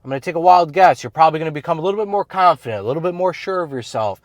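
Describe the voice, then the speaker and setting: Male self-improvement coach, blunt casual monologue, slightly high voice, dry sound. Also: expressive, very fast, no echo. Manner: blunt, slangy, filler-heavy talk.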